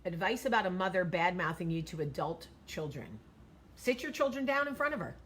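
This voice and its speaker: A woman's voice: on the low side, animated, brisk, fairly bright tone. Blunt, profane woman in her forties. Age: 40s. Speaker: vlog host. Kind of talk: blunt advice talk.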